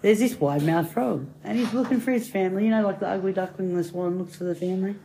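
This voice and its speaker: A woman's voice: medium pitch, quick pace, vocal fry, dark tone, a little hiss or hum. A woman rambling casually and telling jokes as a chatty storyteller.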